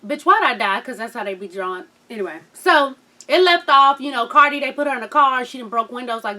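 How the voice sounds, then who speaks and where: Woman vlogger in her 30s, high voice, sassy slangy recap, acts out quotes. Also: lively intonation, fairly quick, bright, forceful tone. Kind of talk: casual TV recap chat.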